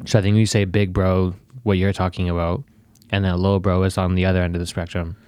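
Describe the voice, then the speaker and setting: A man chats casually as a podcast co-host and drops laid-back, offhand comments. His voice is very deep, and the recording sounds dry and close. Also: little pitch movement, fast talker, a little mellow, clear, resonant tone, no room sound.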